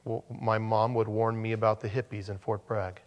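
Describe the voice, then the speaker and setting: A man's voice: lowish voice, level tone, moderate pace, long reverb tail. A man preaching a sermon as pastor, in a conversational manner with joking asides.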